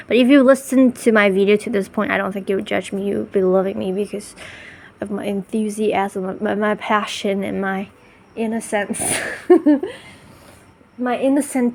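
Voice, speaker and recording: Woman vlogger in her thirties, enthusiastic, rambling, mid-pitched. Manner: gushing, enthusiastic, rambling with restarts. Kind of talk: casual monologue to camera.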